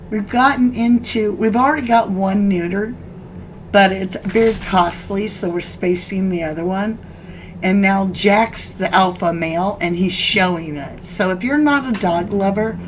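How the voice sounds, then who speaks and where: Slow-talking woman hosting a live chat. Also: medium pitch, slight background noise, low-quality recording. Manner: chatty, scolding her dogs mid-stream, laughing. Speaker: host of a live true crime chat. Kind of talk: casual live-stream chat.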